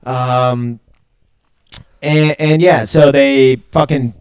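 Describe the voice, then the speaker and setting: A man's voice: medium pitch, fairly even intonation, extremely slow, darkish tone, clear, resonant tone. Laid-back swearing guy recapping a show. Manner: loose, laughing, heavy swearing. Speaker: podcast co-host. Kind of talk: casual chat recapping a TV episode.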